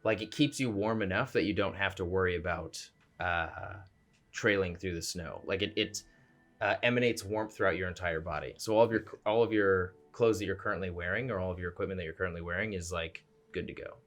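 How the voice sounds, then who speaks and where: A man's voice: low-pitched, a little fast, fairly bright tone. Rambling young man as game master. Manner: rambling, full of fillers. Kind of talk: narrating a tabletop game.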